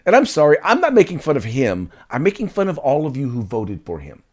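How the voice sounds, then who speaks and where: A man co-hosting a casual political talk show, indignant and animated, often repeating words as he builds a point. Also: medium pitch, a little fast. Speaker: co-host.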